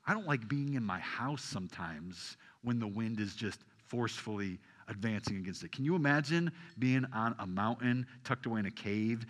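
A man preaching a sermon to a congregation, asking them questions and swinging from loud emphasis down to soft, hushed lines. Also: fairly low pitch, big-room sound. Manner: animated, rising loud for emphasis then dropping soft. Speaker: pastor.

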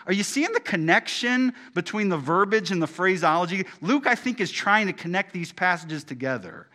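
A man preaching a sermon in a conversational way, full of rhetorical questions and restarts, moving between loud bursts and soft, hushed passages. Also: high-pitched, animated, normal speed, few pauses. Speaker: pastor.

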